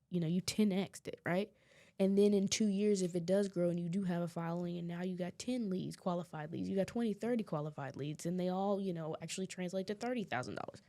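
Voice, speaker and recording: A woman's voice: fairly low pitch, warm tone. A woman hosting a podcast in casual chat, talking emphatically and animatedly, often breaking into laughter. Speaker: podcast host.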